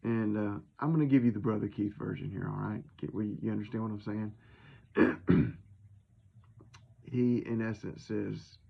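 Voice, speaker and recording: Male preacher, husky and gravelly, folksy and conversational. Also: on the low side, moderate pace, pauses often, highs cut off. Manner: folksy, conversational, retells scripture in his own words. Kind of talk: informal sermon.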